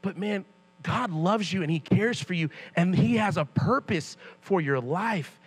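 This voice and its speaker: A young man, a youth pastor, preaching a sermon in church as a casual, animated story with loose slang. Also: high-pitched, unhurried, breathy edge.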